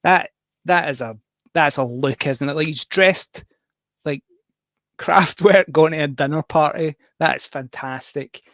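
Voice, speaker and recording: A man's voice: a little high, a little slow, a bit bright, no room sound. A Scottish man hosting a casual livestream, talking in a rambling, jokey, self-deprecating way. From Scotland. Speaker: livestream host and musician.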